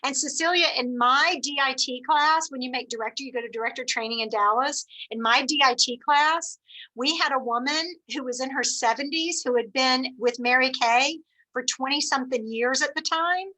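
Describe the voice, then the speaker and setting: A middle-aged woman leading a team meeting on a video call, telling stories in an animated, encouraging way. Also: high voice, normal speed, low-quality recording. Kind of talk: motivational team meeting talk.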